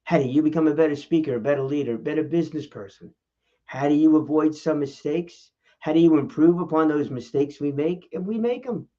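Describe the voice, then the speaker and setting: On a talking-head vlog about public speaking, a man who hosts it and works as a speaking coach talks briskly and casually to the camera. He's animated, poses plenty of rhetorical questions, and shifts pitch for emphasis. The camera mic gives a muffled recording.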